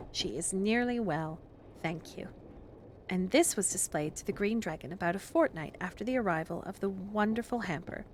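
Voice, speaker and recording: A woman reading a children's story aloud in a calm, gentle, measured way for relaxation. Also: medium pitch, slight background noise.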